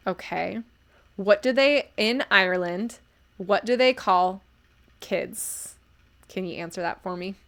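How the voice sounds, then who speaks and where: An American woman in her thirties talks casually on a live stream, reviewing stories and replying to chat. She is chatty and fills her speech with ums. Her voice sits at an ordinary pitch for a woman. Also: takes it slowly, creaky, pauses often, fairly bright tone. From United States.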